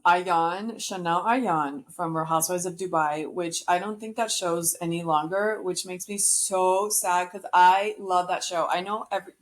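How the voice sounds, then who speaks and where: A woman hosting a podcast, chatting casually and gossiping about reality TV with frequent laughs. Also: fairly low pitch. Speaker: podcast host.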